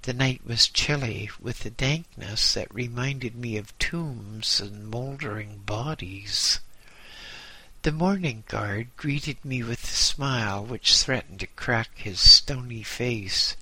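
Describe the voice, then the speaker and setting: A man giving scripted first-person narration in a measured, deliberate way. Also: mid-range voice, sharp tone.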